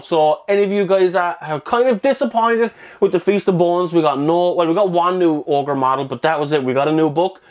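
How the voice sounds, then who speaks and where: A man hosts a casual hobby news video in a slightly high voice. He rambles with ums and restarts, a little out of breath. He talks straight into a desk microphone. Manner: chatty, rambling, with fillers and restarts.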